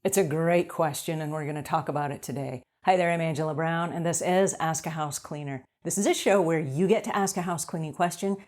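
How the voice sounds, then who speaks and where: A woman's voice: lowish voice, darkish tone. A middle-aged woman hosting an advice show about house cleaning. She talks straight to her viewers, repeats her key points and asks rhetorical questions. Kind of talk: direct-to-camera advice talk.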